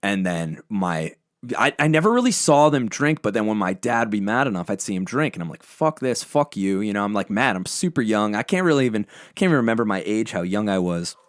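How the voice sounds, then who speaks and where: Speaking fast and very animated in a lowish register, this young band frontman guests on a podcast, recounting personal stories with blunt, emotional intensity and plenty of swearing. The casual chat is recorded cleanly in a studio with no echo.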